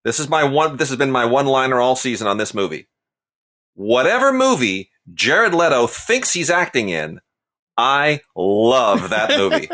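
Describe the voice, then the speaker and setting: A man's voice: mid-range voice, sing-song, moderate pace, sharp tone. A man in his forties co-hosting a podcast, giving casual, opinionated film reviews with emphatic delivery. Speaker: podcast co-host.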